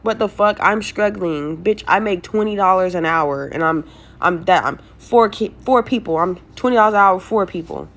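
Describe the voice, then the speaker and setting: A woman's voice: on the low side, normal speed, fairly bright tone. A young woman venting about her life to her viewers in a casual story-time video, blunt, stressed and full of swearing. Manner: blunt, heavily profane, talks straight to viewers. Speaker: vlogger telling a personal story.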